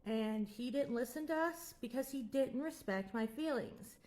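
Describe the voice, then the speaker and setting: A woman's voice: a little high, measured pace, dark tone. A woman in her twenties telling her own story frankly and giving blunt advice, rambling at times. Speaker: vlogger. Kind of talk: candid personal storytelling with advice.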